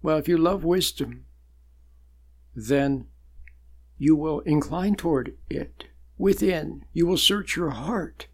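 An older man giving a sermon-like spiritual talk, measured and emphatic, building points through repeated phrases and long pauses. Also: fairly high pitch, vocal fry, husky. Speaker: spiritual teacher.

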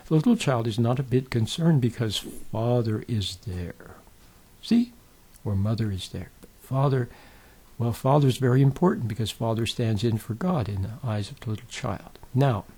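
Male spiritual teacher, gentle folksy talk, warm husky voice. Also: medium pitch. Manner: gentle, repeatedly checks in with the listener; folksy storytelling with many fillers and restarts.

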